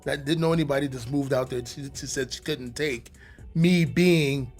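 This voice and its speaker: A middle-aged man, a podcast guest, telling his story in a casual, animated, profane way with many restarts. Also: mid-range voice, normal speed.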